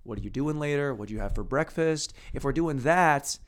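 A man's voice: a little high, expressive, fairly quick. Crude rambling male podcast host. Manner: rambling, crude, mumbling with restarts. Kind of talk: casual monologue. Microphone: podcast microphone.

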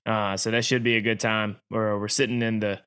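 A man co-hosting a podcast, talking sports in a relaxed, conversational way with a few filler words. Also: fairly low pitch, brisk, smooth. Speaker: podcast co-host. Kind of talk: casual chat, sports talk.

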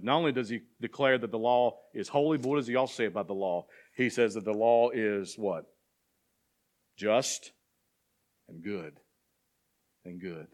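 A man's voice: mid-range voice, moderate pace. A man preaching a sermon to a church as pastor, asking the congregation questions and building to emphatic passages. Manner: preaching with rising intensity and call-and-response questions.

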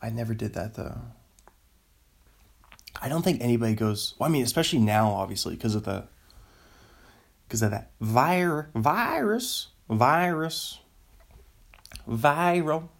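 A man's voice: lowish voice, animated, moderate pace, vocal fry, long pauses. A man in his thirties hosting a solo podcast, rambling, cutting himself off and laughing at his own jokes. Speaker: podcast host.

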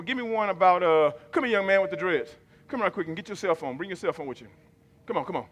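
A man's voice: high voice, lively intonation, fast talker, fairly bright tone. A man preaching a sermon as pastor, calling on the congregation to repeat his lines back in an emphatic, rhythmic manner. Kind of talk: sermon with call and response. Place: church sanctuary. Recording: long reverb of a large hall.

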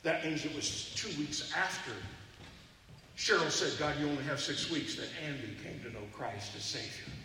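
Animated preacher in an echoey hall. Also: male voice, a little high, normal speed. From Texas. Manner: animated, acts out voices in his stories. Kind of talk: storytelling sermon. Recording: echoey hall from far off, noisy.

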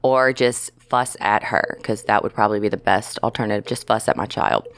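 Very low-voiced laughing woman host. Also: brisk. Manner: bubbly, laughs often. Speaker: podcast host. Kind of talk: casual podcast chat.

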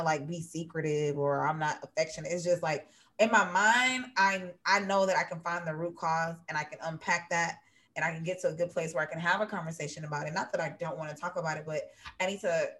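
A woman's voice: lowish voice, fast, a bit bright. Chatty woman, casual talk. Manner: chatty, lots of fillers, acts out her own inner voice. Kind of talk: casual podcast chat.

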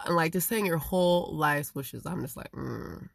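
A woman with a low, gravelly voice delivers a rambling, profane monologue. She swings from loud, emphatic bursts to low mutters. The sound is dry and close, with no room echo. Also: normal speed.

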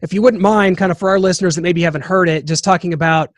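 Male interviewer, high voice, filler-heavy questions. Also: fairly even intonation, fast talker, no room sound, clean studio sound. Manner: hesitant, filler-heavy phrasing. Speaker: podcast host.

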